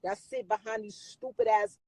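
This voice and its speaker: A woman's voice: fairly high pitch, fairly even intonation, moderate pace, darkish tone, dry recording, poor audio. A woman in her forties, ranting bluntly and profanely at her viewers on a phone live stream.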